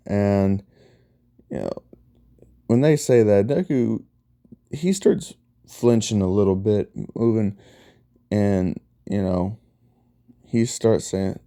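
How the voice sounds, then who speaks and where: Slow, dark-voiced man rambling through a story. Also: on the low side, fairly even intonation, clear, resonant tone. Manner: rambling, filler-heavy retelling. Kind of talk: casual fan-story narration.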